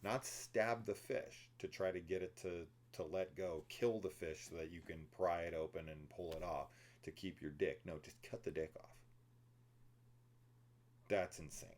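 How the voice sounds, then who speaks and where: Very deep-voiced man ranting about films. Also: steady tone, measured pace. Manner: profane, rambling and opinionated; laughs and mimics characters while telling the plot. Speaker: film review podcast host. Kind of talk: casual spoiler discussion.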